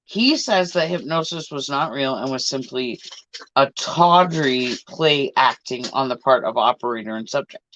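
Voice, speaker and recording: A man hosting a podcast, reading a book aloud in a deliberate way and slowing down on hard words. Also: mid-range voice, expressive, a bit bright, slight background noise. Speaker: podcast host. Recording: dull lo-fi dry recording.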